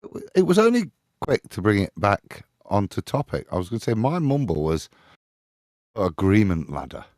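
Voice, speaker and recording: A man's voice: lowish voice, big pitch swings, normal speed, a little mellow, no echo, studio quality. A man speaking as a guest on a live-stream panel, emphatic and preachy, often ending his points with a tag question.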